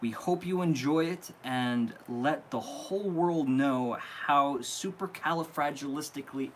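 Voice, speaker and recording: A man's voice: fairly high pitch, measured pace, a little hiss or hum. A man hosting a live stream, chatting casually and gushing as he opens gifts, stumbling and backtracking as he goes. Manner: animated, gushing, reads a card aloud and stumbles. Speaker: live-stream host unboxing fan gifts.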